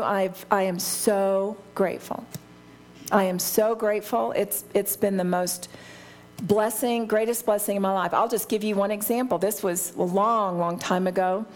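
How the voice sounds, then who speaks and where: A woman's voice: mid-range voice, a little hiss or hum. An older woman teaching a Bible study, talking in an earnest, heartfelt way and often restarting her sentences.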